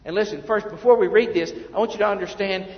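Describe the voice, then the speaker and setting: A male pastor preaching a sermon, emphatic, then dropping to quiet asides. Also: sits high, fast. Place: church sanctuary. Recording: muffled, echoey church hall.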